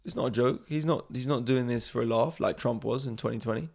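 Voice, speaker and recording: A man hosting a comedy podcast, rambling through a sarcastic monologue. His voice is gravelly and his pitch sits mid-range. His delivery is loose, with frequent asides that trail off. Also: fairly quick, darkish tone.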